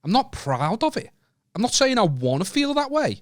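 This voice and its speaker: A man's voice: extremely high pitch, big pitch swings, normal speed. A young Northern English man co-hosting a comedy podcast, firing off teasing quips and giggling. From Northern England. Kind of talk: casual comedic banter.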